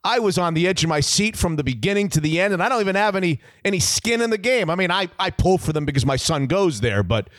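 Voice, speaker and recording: Loud, animated man in his fifties. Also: high-pitched, fast talker, hardly any pauses, no room sound, clean studio sound. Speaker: sports radio host. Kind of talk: casual chat and storytelling.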